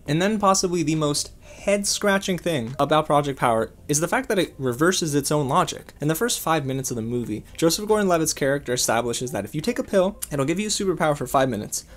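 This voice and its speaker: A man's voice: on the high side, quick pace. A man reviewing a film in a casual, emphatic way, often calling out to his viewers. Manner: animated, emphatic, addresses viewers as guys.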